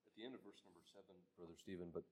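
A man in a Bible study group, asking the leader measured questions about a verse. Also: sits low, steady tone, darkish tone, breathy edge.

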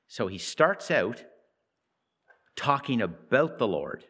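A man giving devotional Bible teaching, reading scripture with lifted emphasis and talking reflectively with halting repeats. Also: fairly low pitch, big pitch swings, a bit bright, breathy edge. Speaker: preacher.

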